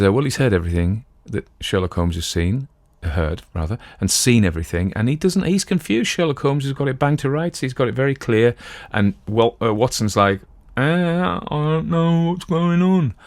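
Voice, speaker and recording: In a fairly low voice on a dry recording, a middle-aged man hosts a podcast. He rambles casually about a classic detective story from his homeland, a relaxed talk on classic literature.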